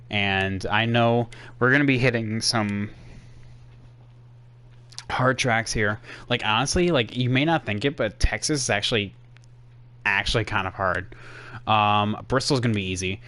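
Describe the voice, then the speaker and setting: A man's voice: on the low side, measured pace, pauses often, bright, forceful tone. A young man casually commentating his racing game stream for his chat, sarcastic and easily exasperated, rambling with fillers.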